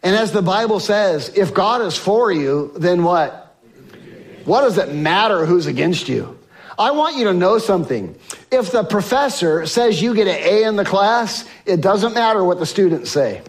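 A male pastor preaching a sermon to his congregation on a microphone, swinging between loud emphasis and soft, slow lines. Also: high voice, lively intonation. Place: church sanctuary with congregation.

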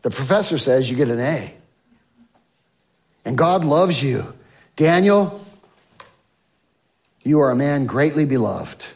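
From a church sanctuary, a male pastor preaches into a microphone to his congregation, swinging between loud emphasis and soft, slow lines. His voice is medium-pitched, animated and gravelly.

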